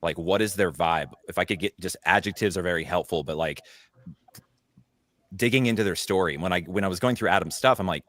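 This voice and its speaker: A man's voice: low voice, fairly quick, a bit bright, dry recording. A man, a voice actor, chatting casually on a panel and rambling with many fillers and restarts.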